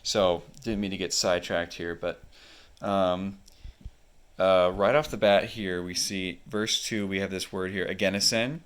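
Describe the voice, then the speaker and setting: A man with a very deep voice talks through a book page by page. He explains at an easy pace and fills his pauses with ums and uhs, like a casual hobby reviewer. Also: steady tone, clean tone. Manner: unhurried, explanatory, many fillers.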